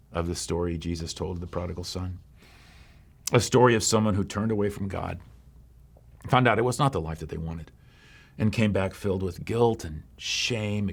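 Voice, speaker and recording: A male pastor preaching through a story. His voice sits low and gravelly, and he drops into hushed pauses and easy conversational asides. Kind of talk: sermon storytelling.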